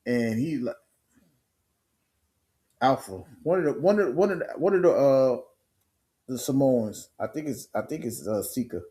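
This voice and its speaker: Man, live stream host, casual sports chat, animated, slangy, swears, mid-pitched voice. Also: moderate pace, long pauses.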